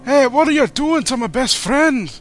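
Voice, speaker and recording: A man's voice: sits high, expressive, measured pace, bright, forceful tone, faint music behind, voice pushed up, heavily acted. A man doing a whiny, petulant young killer.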